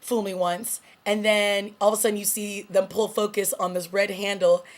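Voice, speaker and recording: A woman's voice: medium pitch, level tone, normal speed. A woman hosting her own TV review channel, casually recapping an episode and quoting its characters with a laugh. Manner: chatty, recaps scenes with quoted lines and laughs. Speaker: TV review host.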